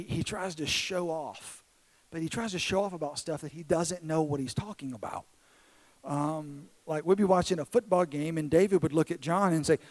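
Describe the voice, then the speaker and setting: A pastor in his thirties preaches a sermon during a church service, telling a personal story that swings from excited to hushed and tender. His voice is fairly high, and the recording is rough.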